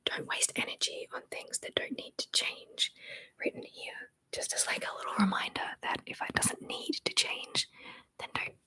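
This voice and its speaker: A young woman in a soft, tinkly whisper, chatting with viewers on an ASMR livestream and softly repeating words. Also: normal speed, dry recording, rough recording. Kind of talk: whispered live chat.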